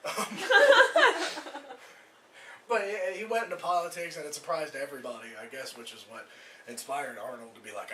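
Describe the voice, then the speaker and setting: A man's voice: medium pitch, moderate pace, long pauses, a bit bright, far from the mic, slight background noise. A man performing a stand-up comedy set, rambling loosely, swearing and acting out voices. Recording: echoey room recorded from afar.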